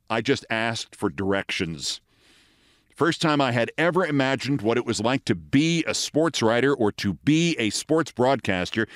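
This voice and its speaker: A man's voice: medium pitch, no room sound, clean studio sound. A man in his sixties, originally from the Bronx, hosting and telling a wry, precisely delivered anecdote. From the Bronx, New York. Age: 60s. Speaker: host. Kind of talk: storytelling monologue.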